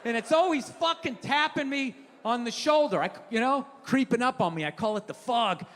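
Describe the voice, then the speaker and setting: Stand-up comic, middle-aged man, high bright voice, swearing rant, live hall reverb. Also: normal speed. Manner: profane, ranting, mocking. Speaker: stand-up comedian. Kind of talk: stand-up comedy routine. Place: comedy stage in a large hall.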